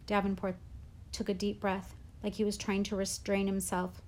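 A woman reading a first-person novel aloud with measured, expressive storytelling. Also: mid-range voice. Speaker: audiobook narrator.

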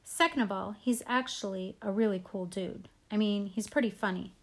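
A woman's voice: medium pitch, normal speed. A woman narrating a first-person audiobook in a casual, conversational tone. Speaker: audiobook reader.

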